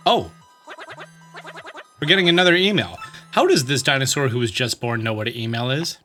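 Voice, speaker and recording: A man's voice: fairly high pitch, very animated, moderate pace, pushed and bright, faint music behind. A man giving chatty, upbeat walkthrough commentary at home, often reading game text aloud. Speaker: gaming YouTuber.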